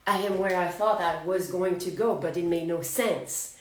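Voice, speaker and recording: A woman in her forties with a French accent runs an astrology channel and gives a relaxed spiritual astrology talk to her viewers, chatty and laughing often between thoughts. Her voice is fairly low and moderately paced. The recording sounds roomy, captured from a distance to the mic.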